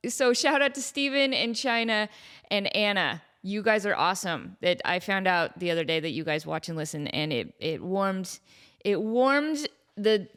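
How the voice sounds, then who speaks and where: A woman's voice: mid-range voice, fairly bright tone. A woman hosting her own podcast, chatting casually in a playful, self-mocking way with rambling asides. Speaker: podcast host. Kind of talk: casual solo chat.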